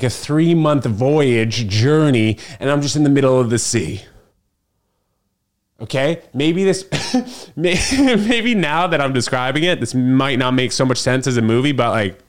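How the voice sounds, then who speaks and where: In his apartment kitchen, a young man rambles casually to a camera perched on the refrigerator, filling his stories with filler words. He's a podcast host doing a solo vlog chat. His voice is mid-range and smooth.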